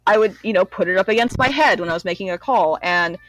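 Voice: medium pitch, quick pace, fairly bright tone, no room sound, rough recording. A forty-year-old guest in a casual podcast conversation, talking earnestly with many fillers and acting out past reactions. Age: 40s.

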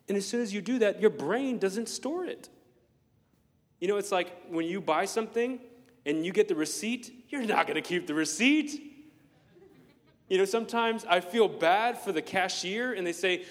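A man preaching a sermon in a hall that rings with long reverb. His voice sits a little high and swings widely in pitch as he acts out the people in his stories. The delivery is playful and story-driven. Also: sing-song, normal speed.

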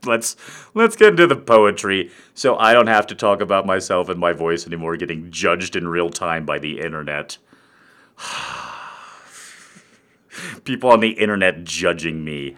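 A man rambles through a crude comic monologue for a live online crowd, mocking himself as he goes. His voice is bright and tense, swinging widely in pitch. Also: sing-song, moderate pace.

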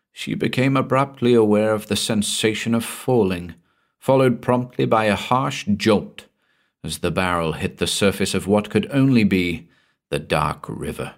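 A man reading a scripted horror story aloud in a measured, dramatic way, dropping to a hush at the ends of phrases. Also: lowish voice. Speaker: narrator.

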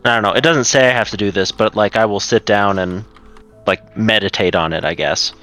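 Player, man, low but bright voice, faint music behind. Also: brisk. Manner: casual, thinking aloud. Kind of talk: tabletop role-play chat.

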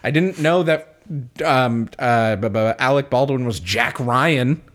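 A man co-hosting a casual movie podcast, talking in an animated way, laughing often and acting out his own reactions. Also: mid-range voice, a little slow. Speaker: podcast co-host. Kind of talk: casual movie review chat.

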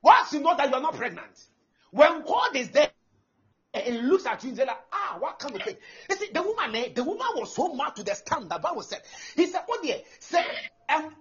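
High, lively preaching man. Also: fairly quick. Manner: animated preaching, bursts of shouting and laughter. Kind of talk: sermon. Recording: dull lo-fi live recording with faint noise.

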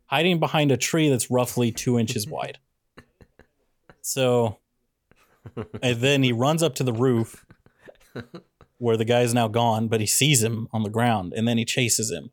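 A man's voice: mid-range voice, dry recording, clean studio sound. Sarcastic man ranting about a film. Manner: sarcastic, ranting, picks apart the plot. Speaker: podcast co-host. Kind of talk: casual movie review chat.

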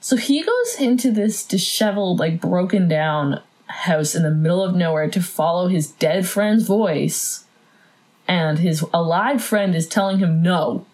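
A woman chatting casually as a podcast co-host. Her pitch leaps and swoops as she talks. She laughs often and acts out bits of dialogue in her retelling. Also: lively intonation, unhurried, a little mellow, rough recording. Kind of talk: casual chat.

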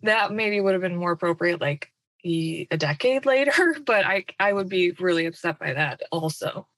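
Female host, lowish voice, dry close sound, sympathetic and frank. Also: expressive, normal speed, a bit bright, no room sound. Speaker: interviewer. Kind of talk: casual conversation.

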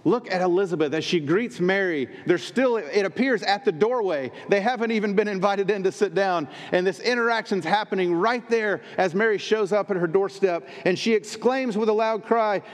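Male pastor, sermon, emphatic, fairly high voice, long hall reverb. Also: normal speed, few pauses. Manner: emphatic, repeating phrases in threes.

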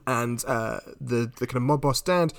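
A man's voice: medium pitch, normal speed, vocal fry, clear, resonant tone, no room sound. Man retelling a film plot. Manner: retells plot at length with many restarts. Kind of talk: casual film discussion.

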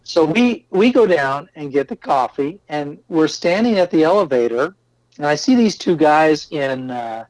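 Guy, pastor, tells stories w/ lots of voices, kinda higher voice, super dry close sound. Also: a little slow, dry recording, rough recording. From Austin, Texas. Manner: animated storyteller who acts out quotes. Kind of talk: casual storytelling chat.

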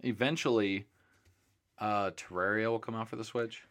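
A man's voice: fairly low pitch, fairly even intonation, moderate pace, a bit bright. A man co-hosting a casual chat, teasing and blunt with dry jabs. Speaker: podcast co-host.

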